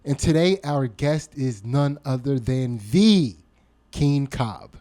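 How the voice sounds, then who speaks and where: A man's voice: medium pitch, expressive, slow pace, mellow. A man co-hosting a podcast in casual chat, playful and teasing with puns. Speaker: podcast co-host.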